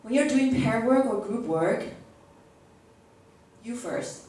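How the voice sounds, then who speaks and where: A woman's voice: a little high, expressive, slow, mellow. A woman leading a workshop for teachers, acting out classroom phrases and often checking in with "okay?". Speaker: teacher trainer. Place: large echoey classroom. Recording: echoey room recorded from far off.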